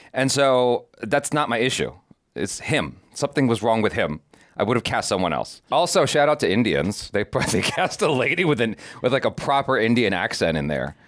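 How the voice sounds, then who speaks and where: A man co-hosting a reaction channel, chatting casually in an animated way with many halting restarts. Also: medium pitch, no room sound, clean studio sound. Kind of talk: casual chat.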